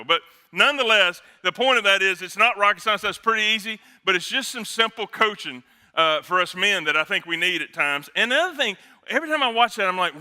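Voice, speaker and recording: A middle-aged male pastor preaching with a high, ringing voice. He keeps it conversational, tossing in quick jokes and asides as he talks to the men in the room. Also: lively intonation, pushed and bright, clear, resonant tone. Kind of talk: sermon.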